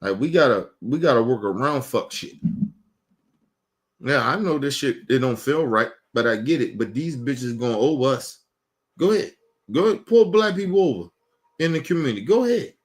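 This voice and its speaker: A man's voice: medium pitch, lively intonation, moderate pace. A man from Baltimore hosting an online show, ranting bluntly and emphatically with heavy cursing, repeating himself and urging his viewers directly. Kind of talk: profane commentary rant.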